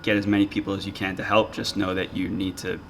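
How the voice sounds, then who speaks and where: A man with a fairly low voice hosts a podcast, answering questions in a thoughtful, halting way and often restarting his phrases. A faint noise sits behind him. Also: completely flat delivery, a bit bright. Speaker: podcast co-host. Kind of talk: casual chat.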